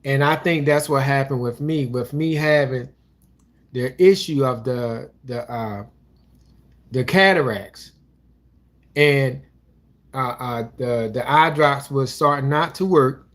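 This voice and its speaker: A man's voice: medium pitch, slow pace, long pauses, fairly bright tone. A man co-hosting a couples channel, talking casually and rambling about his life, with restarts and religious asides. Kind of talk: casual personal talk.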